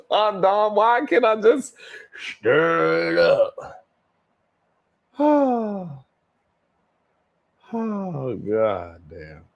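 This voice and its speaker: A man hosts a relaxed livestream, reading super chats and answering viewers with laughs, sighs and drawled slang. His voice sits high and gravelly with a sing-song lilt, delivered very slowly with long pauses. The sound is lo-fi.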